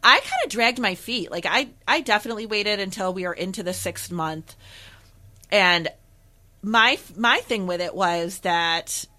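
Young woman co-host, casual podcast chat, bright voice, filler-heavy storyteller. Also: medium pitch. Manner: chatty, full of fillers and acted-out quotes. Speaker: podcast co-host, former peer counselor.

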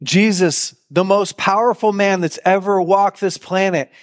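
A man preaching to a live crowd in a fairly high voice. He tells stories with lots of expression, slips into the voices of the people he quotes, and keeps pulling his listeners in with direct questions. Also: unhurried. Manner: animated storyteller who acts out quoted lines. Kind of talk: sermon to a live audience.

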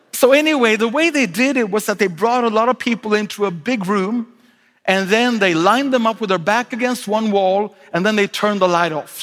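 A middle-aged Swedish-accented pastor with a high voice, preaching a lively sermon. He jokes in asides and restarts his phrases. His voice rings through the long reverb of a large church auditorium. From Sweden. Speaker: guest pastor.

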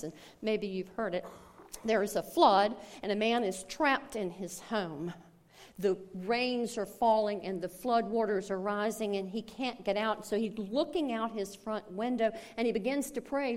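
Slow, deliberate woman pastor preaching. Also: mid-range voice, darkish tone. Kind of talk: sermon.

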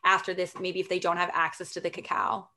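A woman's voice: on the low side, little pitch movement, fast talker, pushed and bright. A woman hosting a podcast interview, enthusiastic and affirming, with many fillers. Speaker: podcast host. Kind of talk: casual interview.

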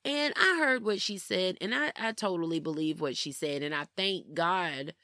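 Woman telling a lively story, dry sound. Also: on the low side, moderate pace, no echo. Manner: animated, addresses listeners as "y'all". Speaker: vlogger. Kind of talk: casual personal storytelling.

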